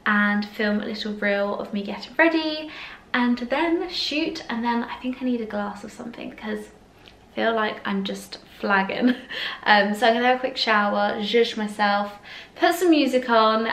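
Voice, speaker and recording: Speaking in a fairly bright, higher-pitched voice, a young lifestyle vlogger chats casually to camera from a hotel room. She sounds tired and fills her talk with "like" and "literally." The room is echoey.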